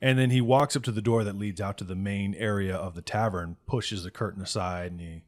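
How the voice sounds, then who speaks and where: A man's voice: on the low side, fairly even intonation, fairly quick, few pauses. A man running a tabletop game as game master, narrating in a loose, conversational way.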